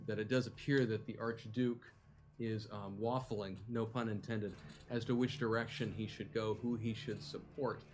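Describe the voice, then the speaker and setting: A man narrating a tabletop game as game master, with animated narration that turns halting and full of fillers when he improvises. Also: on the low side.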